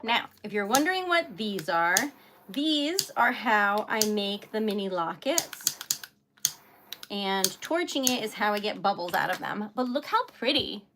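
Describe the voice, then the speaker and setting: A woman's voice: medium pitch, lively intonation, unhurried, noisy background. A young woman chatting casually and giggling often on her own craft livestream, calling herself a really emotional lady. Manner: bubbly, giggly, chatty, self-described emotional. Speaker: livestream host making wax seal crafts.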